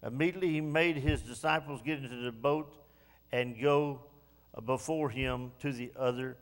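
A man's voice: mid-range voice, normal speed. A man preaching a sermon in a church, emphatic and repeating key phrases. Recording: long reverb of a church hall.

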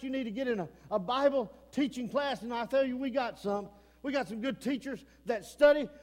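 High-voiced fiery East Texas preacher. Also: male voice. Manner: impassioned preaching, swings between shouting and low earnest talk. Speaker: pastor. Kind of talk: fiery sermon. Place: church sanctuary. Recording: long hall reverb.

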